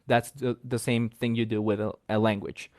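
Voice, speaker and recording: A man's voice: medium pitch, little pitch movement, normal speed, a little mellow, dry recording, studio quality. A man, an English teacher, patiently explaining speaking and pronunciation with examples. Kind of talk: casual explanatory chat.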